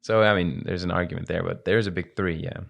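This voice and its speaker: Male co-host, low voice, relaxed and halting. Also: gravelly, highs cut off. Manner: easygoing, hesitant with fillers. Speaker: podcast co-host. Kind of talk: casual podcast chat.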